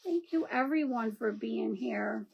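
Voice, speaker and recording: A woman's voice: on the high side, a little slow, creaky, breathy edge, highs cut off. A woman hosting a live crafting demo, chatting and greeting viewers by name as she works. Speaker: craft livestream host.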